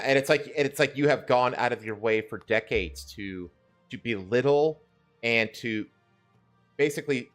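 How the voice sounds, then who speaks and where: A man co-hosting a casual political news stream, building slow, emphatic rants with fillers. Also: fairly low pitch. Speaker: co-host of a news talk stream.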